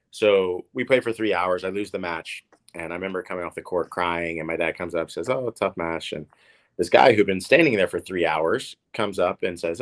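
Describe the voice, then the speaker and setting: A man's voice: low voice, a bit bright. A man in his thirties from Oklahoma, a professional tennis player telling stories in a casual interview, rambling and repeating words with many fillers. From Oklahoma, USA.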